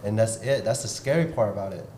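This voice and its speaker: A man's voice: fast talker, warm tone. A man hosting a podcast, talking bluntly and intensely in a repetitive pep-talk way. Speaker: podcast host and martial arts coach. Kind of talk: casual motivational podcast talk. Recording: roomy with faint rumble.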